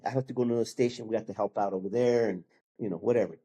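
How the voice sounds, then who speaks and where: A man in his fifties, appearing as a guest, races through his testimony in a warm, husky, medium-pitched voice. He tells it as casual storytelling, acting out the people involved and tossing in "bro" and "man" along the way.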